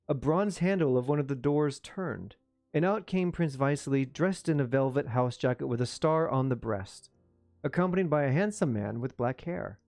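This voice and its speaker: A man's voice: fairly high pitch, darkish tone. A man reading a classic novel aloud on a live stream, breaking off for chatty, self-mocking asides. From United States.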